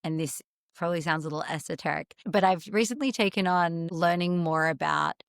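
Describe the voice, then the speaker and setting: A woman's voice: on the low side, a little fast, vocal fry, dry recording. A woman guest on a podcast, speaking in a thoughtful, articulate way about her research. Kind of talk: conversational interview.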